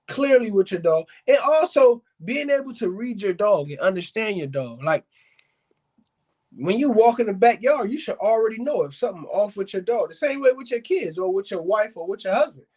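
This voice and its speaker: A man's voice: high-pitched, animated, moderate pace, a little mellow. A man hosting a casual dog-advice talk, speaking straight to his viewers with blunt, emphatic repetition and calling them fam and y'all. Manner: blunt, emphatic, repeats himself for stress. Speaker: dog breeder and podcast host.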